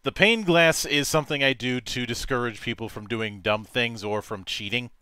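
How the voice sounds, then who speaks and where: A man's voice: mid-range voice, moderate pace, sharp tone, clean tone, no echo, clean studio sound. A man hosting a casual interview and telling joking stories about his game table. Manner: joking, storytelling. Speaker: interview host, game master.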